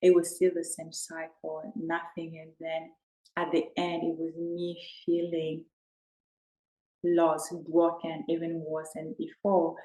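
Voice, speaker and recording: A woman sharing an emotional personal testimony as a self-help coach, earnest and halting with restarts. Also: sits low, monotone, warm tone, echoey room, rough recording.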